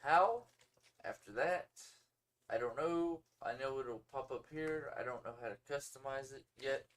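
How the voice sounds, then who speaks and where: A laid-back man co-hosting a home livestream, his voice in a middle register. He talks easygoing and unhurried and shrugs off problems. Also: medium pitch. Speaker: podcast co-host. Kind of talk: casual livestream chat. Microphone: phone or home streaming setup.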